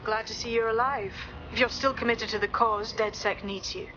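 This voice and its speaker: A woman's voice: a little high, fairly even intonation, moderate pace, bright, forceful tone, highs cut off, a little hiss or hum. An actress playing a female hacker leader giving clipped, urgent instructions.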